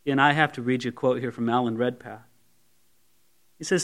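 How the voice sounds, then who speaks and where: A man's voice: mid-range voice, steady tone, a little fast, fairly bright tone. A man preaching a sermon to a congregation, talking conversationally and acting out objections from listeners. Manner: conversational, voices imagined objections. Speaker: pastor. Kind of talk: expository sermon. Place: church service before a congregation.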